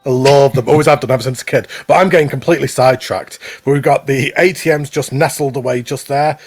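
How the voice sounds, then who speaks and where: A man with a slightly husky voice co-hosts a casual showcase, upbeat and chatty. He reads out entries and praises each one freely, over faint background music. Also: mid-range voice, steady tone, fast. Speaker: co-host. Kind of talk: casual chat commentary on contest entries.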